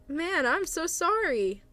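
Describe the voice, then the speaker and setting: A woman's voice: very high voice, sharp tone, no room sound. Hesitant, apologetic young woman streamer. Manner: hesitant and apologetic, awkward laughs. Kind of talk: casual livestream advice chat.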